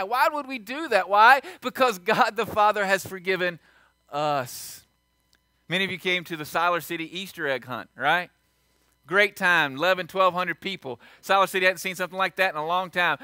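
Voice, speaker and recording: A pastor preaching a sermon, repeating key lines and swinging from quiet asides to loud, emphatic peaks. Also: male voice, sits high, no echo.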